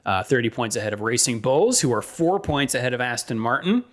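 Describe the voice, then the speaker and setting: A man co-hosting a motorsport podcast, reading weather and standings in a steady way with frequent ums and uhs. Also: mid-range voice, fairly quick. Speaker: podcast co-host.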